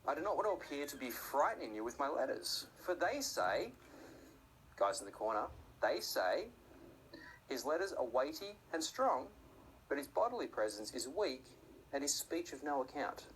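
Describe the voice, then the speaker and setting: A man's voice: very animated, brisk, a bit bright, slight background noise, low-quality recording. Man preaching in a chatty sermon. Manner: conversational, acts out voices with sudden high-pitched outbursts.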